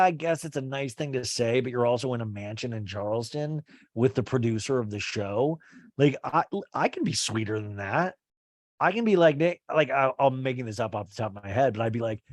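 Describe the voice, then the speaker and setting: A man's voice: medium pitch, dry recording. Young guy ranting thru a reality tv recap, swears a lot, says like constantly, dry close sound. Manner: rambling and profane, heavy use of "like". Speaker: podcast host recapping a reality show. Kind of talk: casual comedic recap.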